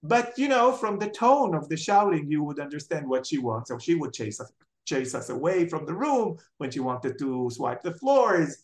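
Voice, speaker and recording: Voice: medium pitch, moderate pace, echoey room. A speaker from Israel, a memoir author telling family stories in an interview and acting out the people quoted. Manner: animated storyteller, acts out quoted family members. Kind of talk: storytelling interview answers.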